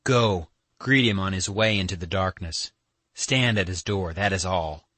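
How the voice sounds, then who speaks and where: An earnest young man, played by a male reader in a classic audiobook, pressing his plea with merciless emphasis. The voice sits on the low side. It is recorded close and dry, with no room sound. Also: a little slow, a bit bright, no echo. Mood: insistent. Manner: emphatic, pleading.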